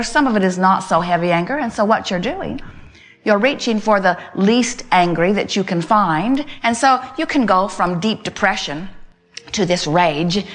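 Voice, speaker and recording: A woman's voice: mid-range voice, fairly bright tone. A woman giving a motivational talk to a live gathering. She speaks emphatically as "we", repeats her points and builds long step-by-step lists. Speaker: inspirational speaker.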